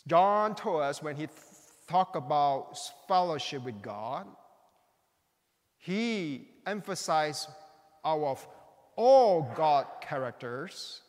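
A middle-aged man with a fairly high voice preaches a sermon in a large church hall, the reverberant space audible in the recording. His delivery is slow and emphatic, swinging widely between loud and soft, with slightly non-native phrasing.

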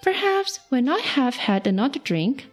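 A sly, greedy young cook, as a woman puts her on schemes in coaxing asides in a storybook reading. Her voice sits high and swings widely in pitch. There is faint music under it. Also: sing-song, normal speed. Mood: scheming.

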